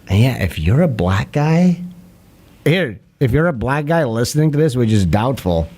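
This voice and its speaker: Male livestream host; loose, crude, mocking delivery with a lively, swinging pitch. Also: moderate pace. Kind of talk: casual livestream chat.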